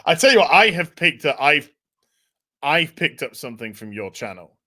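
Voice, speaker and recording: A man's voice: a little high, sing-song, normal speed, sharp tone. A man hosting a casual podcast, swearing freely and reading out viewer messages. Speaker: podcast host.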